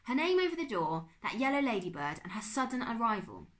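Woman voicing an excitable uncle, fussy, spluttering, lively swooping pitch, read-aloud storybook. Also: fairly quick. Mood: explaining. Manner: exclaiming, spluttering.

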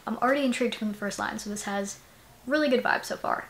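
A woman's voice: fairly high pitch, fast talker, fairly bright tone, a little hiss or hum. A young woman chatting casually in a reading vlog, gushing and filling her talk with "like" and "you know what I mean.". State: sleepy. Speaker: book vlogger.

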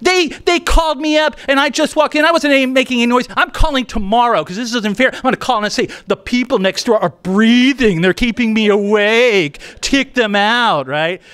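A man's voice: very high voice, normal speed, hardly any pauses, a bit bright, clear, resonant tone, pitched above the performer's own voice. A man doing an outraged young roommate. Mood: indignant. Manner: outraged, protesting. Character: indignant young male roommate.

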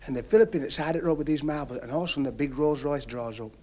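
Comic spinning a long yarn. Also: male voice, racing. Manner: folksy, chatty tale-spinning that drops low and quiet. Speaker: stand-up comedian. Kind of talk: stand-up storytelling. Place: TV studio stage with audience.

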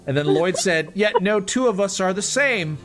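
An excitable man playing a video game with friends, his voice a bit high and swinging widely in pitch. He chats loosely and yelps at the action, with faint game music underneath. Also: normal speed. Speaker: gamer streaming with friends. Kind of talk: casual let's-play chat.

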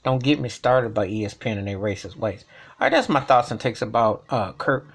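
Gravelly man ranting in commentary. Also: medium pitch, expressive, fairly quick. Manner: emphatic, repetitive, colloquial. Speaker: vlogger.

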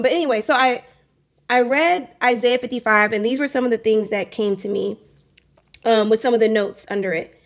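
A woman's voice: a little high, moderate pace. A young adult woman hosting a faith podcast, talking candidly in a casual monologue, often repeating phrases and laughing. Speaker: podcast host.

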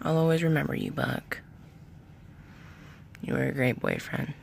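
A woman's voice: deep voice, fairly even intonation, unhurried, vocal fry, a little hiss or hum, full character voice. A woman voicing Blossom, a bossy, melodramatic cartoon girl heroine in a homemade skit. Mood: mournful. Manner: bossy, then weepy and melodramatic. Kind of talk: homemade doll skit voice acting.

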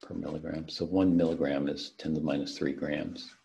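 A man's voice: extremely low pitch, level tone, fairly quick, gravelly, mellow, lo-fi sound. A man teaching a recorded online chemistry lesson, talking through unit conversions step by step in a methodical way. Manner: methodical, talks through worked problems step by step. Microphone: computer mic on a video call.

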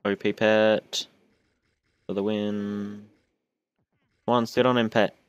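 A man's voice: lowish voice, little pitch movement, slow, clear, resonant tone, dry recording, muffled recording. A young man, chatting and joking through his own gameplay recording, whining and self-mocking as he goes. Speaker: gaming YouTuber. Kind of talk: casual gameplay commentary.

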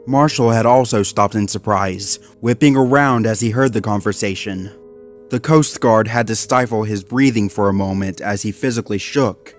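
A man narrating a dark fan story in a steady, measured reading. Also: on the low side.

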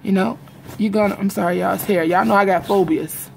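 Rambling, confiding woman with gravelly voice. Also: mid-range voice, fairly even intonation, brisk, darkish tone, slight background noise. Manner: rambling and confiding, repeats herself, addresses viewers as y'all. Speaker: vlogger. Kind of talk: casual vlog chat to viewers. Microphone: phone or webcam in front of her.

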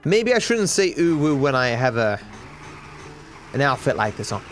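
A man's voice: mid-range voice, big pitch swings, moderate pace, soft background music. A man with an Australian accent giving joking, sarcastic live commentary while he plays a game, swearing casually. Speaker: streamer.

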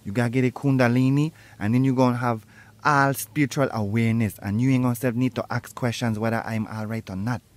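A man speaks in a mock-solemn, preachy way about inner peace. His voice is mid-pitched and plain. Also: steady tone, fast. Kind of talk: comedy sketch, mock spiritual guru.

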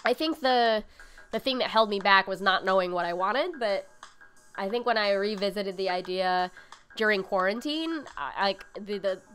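A woman's voice: mid-range voice, moderate pace, fairly bright tone, soft background music. A woman hosting a cooking livestream, chatting casually with viewers and rambling with lots of fillers. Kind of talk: casual chat reading viewer comments. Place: home livestream setup.

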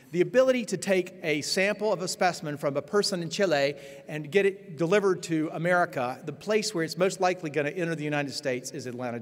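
A man introducing a keynote speaker at a conference, reading with fillers and restarts. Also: fairly high pitch. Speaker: event host introducing the speaker. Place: large conference hall. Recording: long reverb of a conference hall.

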